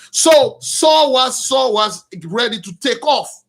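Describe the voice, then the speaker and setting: A man retelling a Bible story with lively, slangy commentary, calling his listeners brothers. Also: very high voice, takes it slowly.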